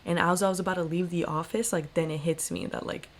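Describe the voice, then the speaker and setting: Young woman, lower voice, chatty podcast storyteller, fillers everywhere, acts out the dialogue. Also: quick pace. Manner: animated, lots of "like" fillers, acts out quoted voices. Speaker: podcast co-host. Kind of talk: casual storytelling.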